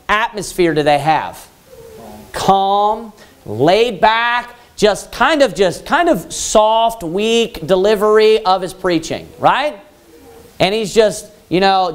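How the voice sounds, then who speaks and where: A man preaching a Baptist sermon loudly and emphatically, repeating his points and rising to yelling. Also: high voice. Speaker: pastor.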